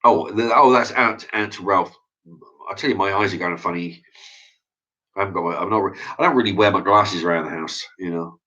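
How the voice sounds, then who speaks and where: This channel host is a man going through viewer comments in a casual opinion chat, ranting bluntly and cursing as he goes. His low-pitched voice has a sharp tone and a fairly quick pace, and the recording is dull and lo-fi.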